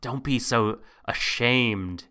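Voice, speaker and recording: Bright voiced guy ranting on a podcast, swears, voice shoots up when annoyed. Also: takes it slowly. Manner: animated ranting, swearing, voice jumps high when exasperated. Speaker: podcast co-host. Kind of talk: casual anime discussion podcast.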